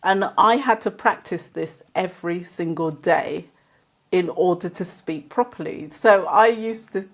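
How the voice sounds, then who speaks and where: A woman's voice: on the low side, unhurried. A woman from England with an accent between London and Birmingham, a guest chatting casually and laughing often as she tells stories. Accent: between London and Birmingham English. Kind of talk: casual conversation.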